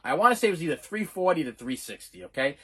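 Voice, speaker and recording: A man's voice: fairly high pitch, fast, breathy edge. A middle-aged man telling a rambling personal story to camera, full of restarts. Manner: rambling, animated, lots of restarts. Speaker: channel host. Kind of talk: casual storytelling.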